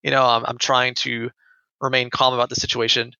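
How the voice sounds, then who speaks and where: Young male storyteller, gravelly and earnest, sharp tone, lo-fi dry recording. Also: medium pitch, flat delivery, fairly quick, no room sound. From United States. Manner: earnest, repeats words when upset. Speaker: guest telling a personal story. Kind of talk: conversational storytelling. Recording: dull lo-fi dry sound.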